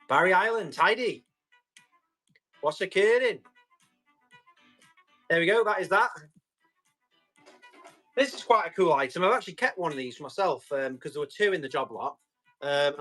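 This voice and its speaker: A man with a slightly high voice runs a casual live auction, bantering with viewers and reading out their comments. He describes the tools as he tests them, talking in a loose, friendly way. Faint music plays behind him. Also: bright, forceful tone. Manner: chatty, reads out and answers viewer comments; describes items while testing them. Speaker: live-stream tool seller.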